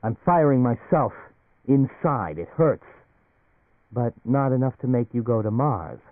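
A man's voice: medium pitch, lively intonation, measured pace, no room sound, close to an everyday voice. A man voicing an anxious male business executive who talks in agitated, rising outbursts. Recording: phone-like narrow band, dry.

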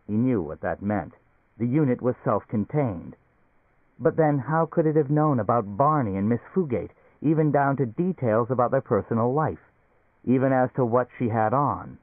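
A man reading a novel aloud as a steady, measured audiobook narrator. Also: mid-range voice, no room sound. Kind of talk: scripted narration. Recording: tinny phone-like recording.

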